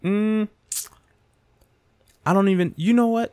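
A man's voice: a little high, expressive, moderate pace, darkish tone, dry recording. A man hosting his podcast, ranting with heavy swearing and tagging lines with "dude" and "okay?", recorded close on a mic without a pop filter. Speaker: podcast host. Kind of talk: profane comedic rant. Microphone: close desk mic without pop filter.

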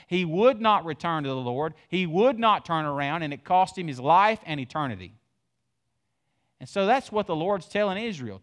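A man's voice: on the high side, fairly bright tone. A man preaching a folksy sermon, asking the congregation questions and rising in volume to stress points. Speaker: pastor.

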